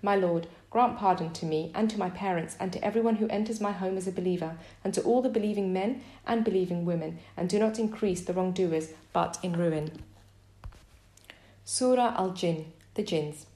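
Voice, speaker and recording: A woman reading a scripture translation aloud in a measured, steady recitation. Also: lowish voice, reverberant. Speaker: scripture reader.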